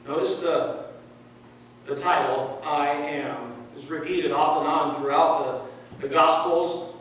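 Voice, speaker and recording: A male pastor preaching a sermon, stressing key words and repeating phrases with pauses. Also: fairly high pitch, fairly even intonation, fairly bright tone, recorded from a distance, slight background noise. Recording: echoey room, heard from afar.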